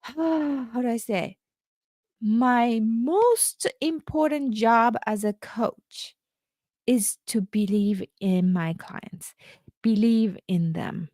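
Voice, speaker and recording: Slow-talking woman life coach. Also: a little high, dry recording, clean studio sound. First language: Japanese. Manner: halting, many restarts and fillers. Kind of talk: casual storytelling monologue.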